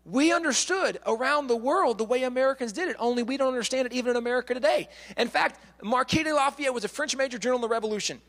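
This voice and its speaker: Man, lively storytelling speaker, high voice, long hall echo. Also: fast talker, hardly any pauses. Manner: lively, acts out quotes, repeats words. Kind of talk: animated storytelling lecture.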